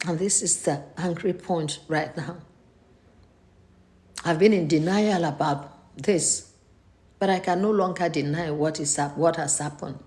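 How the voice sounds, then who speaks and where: A woman from Nigeria hosting a faith live stream, talking in an earnest, pleading and halting way while grieving and stressed. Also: deep voice, a little mellow. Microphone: computer mic.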